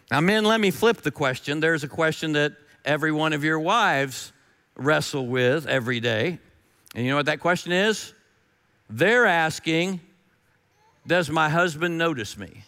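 Brief: middle-aged man, pastor, folksy and emphatic, voice sits a bit high. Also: moderate pace, fairly bright tone, clear, resonant tone, big-room sound. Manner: folksy, emphatic, repeats key phrases. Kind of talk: sermon.

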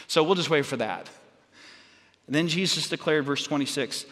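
Male pastor, slightly high voice, halting storytelling sermon, long hall reverb. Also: fairly bright tone. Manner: storytelling, many restarts and fillers.

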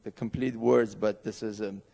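Iranian-accented man preaching, gravelly voice. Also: fairly low pitch, little pitch movement, moderate pace, dark tone. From Iran. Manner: earnest, in broken English with laughs. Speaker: missionary pastor. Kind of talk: sermon. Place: church sanctuary.

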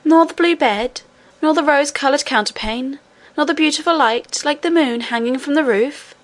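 Woman reading as a little princess, squeaky high and eager, storybook kid voice. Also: normal speed, natural voice. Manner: high, excited and pleading.

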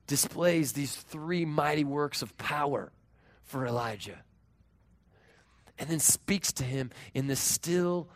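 A man in his thirties preaching a sermon as pastor, earnest, moving between raised emphasis and hushed, tender tones. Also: on the high side, slow.

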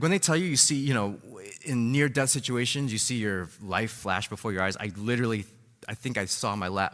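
A man in his thirties preaching a sermon, telling a personal story in a casual, animated way with many fillers and tag questions. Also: medium pitch. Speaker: pastor. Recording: reverberant hall.

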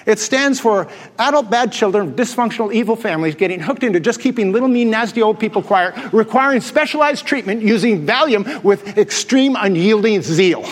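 High pitched guy preaching a sermon, jokey storyteller, long echo from the big church hall. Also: expressive, fairly quick, few pauses. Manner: storytelling, joking and laughing with the congregation. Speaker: pastor.

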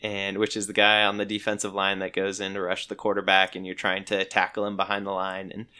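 Low, smooth-voiced man telling stories. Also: fairly quick. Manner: animated, laughs while telling stories. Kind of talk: casual storytelling.

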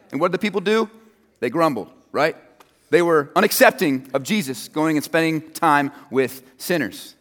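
A man's voice: a little high, animated, moderate pace, fairly bright tone, big-room sound. A man preaching a sermon in a casual, conversational way, joking with his listeners.

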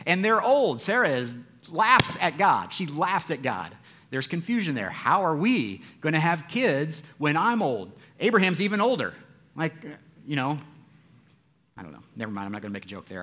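A man delivering a sermon in a slightly high voice. He swings from loud, urgent passages to soft, hushed ones. Between points he drops into easy, chatty asides to the room. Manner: dynamic preaching, rising loud for quoted cries and dropping soft for grief; conversational asides to the congregation. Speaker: pastor.

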